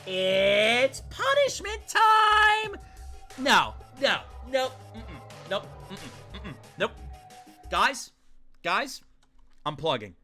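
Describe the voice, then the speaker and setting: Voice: medium pitch, very animated, slow pace, sharp tone, faint music behind. A streamer giving profane, ranting live gameplay commentary and chatting with viewers.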